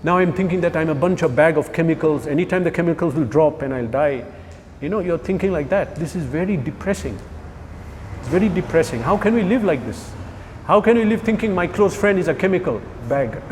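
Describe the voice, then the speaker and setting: A man gives a lively scripture class, firing questions at his listeners and joking along the way. His voice sits a little high. The sound has a long hall echo, with faint traffic noise behind it. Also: a little fast. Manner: animated, rhetorical questions, jokes with listeners. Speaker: spiritual teacher.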